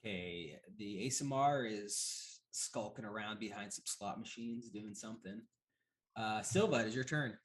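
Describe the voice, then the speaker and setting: A man running a tabletop game as game master, narrating in a measured, unhurried way with frequent pauses. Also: on the low side.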